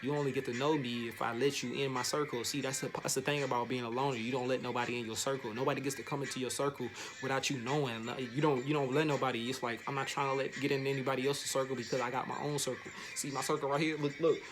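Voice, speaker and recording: Talking fast with few pauses over music, a man rolls through a casual motivational vlog. His slangy, repetitive delivery occasionally springs into a higher, animated register.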